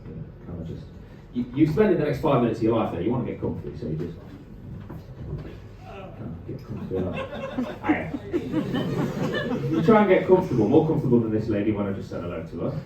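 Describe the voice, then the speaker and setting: A lowish, sing-song male voice delivers a stand-up set to a live comedy club audience, talking with them between jokes. He uses a handheld stage mic and throws quick asides to the crowd. The audio is dull, recorded from far off with echo and noise.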